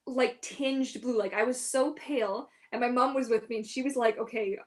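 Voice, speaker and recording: A woman's voice: fairly high pitch, fairly even intonation, moderate pace. A woman hosting a casual live Q&A as a mermaid performer, chatty and giggly, with lots of "like" and "um". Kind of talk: casual livestream Q&A.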